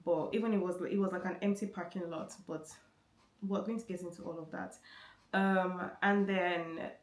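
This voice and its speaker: Woman vlogger, lowish voice, casual storytelling, stumbles and restarts often, roomy echo. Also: fairly even intonation, normal speed, darkish tone. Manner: chatty, many restarts and repeated words. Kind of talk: casual story-time chat.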